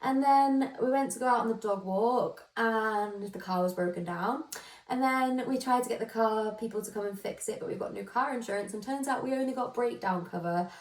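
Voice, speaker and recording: A woman's voice: on the high side, normal speed, recorded from a distance. A woman hosting a casual solo podcast, chatty and self-deprecating, giggling and rambling through asides. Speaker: podcast host. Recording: roomy echo, voice a bit off-mic.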